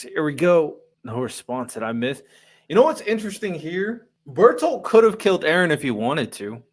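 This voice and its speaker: A young man hosting a casual manga reaction, reading panels aloud, stumbling over words and adding his own commentary. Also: mid-range voice.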